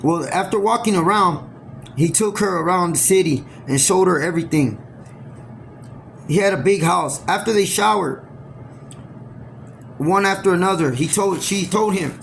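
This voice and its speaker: A man telling a homemade story aloud, rambling and halting, often restarting his sentences. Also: sits high, creaky, slight background noise. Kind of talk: improvised oral storytelling.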